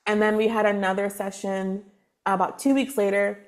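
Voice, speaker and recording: A woman guest on a podcast, telling a personal story in a loose, animated way and acting out what others said. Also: medium pitch, normal speed. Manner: animated, acts out quoted dialogue with laughs; loose, filler-heavy talk with restarts. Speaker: guest, spiritual advisor. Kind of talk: casual storytelling interview.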